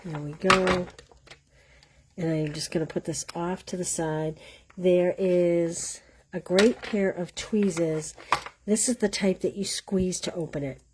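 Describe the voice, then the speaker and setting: A woman's voice: lowish voice, steady tone, slow pace, noisy background. A woman with a Boston accent hosting a live card-stamping class, chatting and teasing herself while she explains each step. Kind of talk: live craft demonstration.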